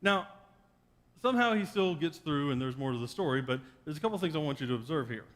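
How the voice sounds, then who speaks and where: A male pastor preaches in a wry, joking storyteller's way, his voice pitched a little high for a man. A long reverb from the church sanctuary trails every phrase. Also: lively intonation, fast talker. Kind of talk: sermon.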